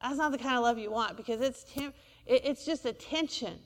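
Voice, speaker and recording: A woman's voice: on the high side, fairly quick, in a large hall. A woman preacher, delivering a sermon in a church and asking the congregation for amens. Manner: call-and-response preaching, asks for amens.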